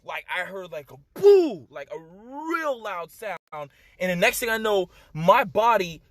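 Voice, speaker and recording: A man's voice: high-pitched, fairly bright tone, no room sound. Man telling his story real urgent, lots of "like" and "okay?", dry close sound. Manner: emphatic and urgent, many fillers and direct appeals to the viewer. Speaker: vlogger telling a personal testimony. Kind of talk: emotional first-person storytelling.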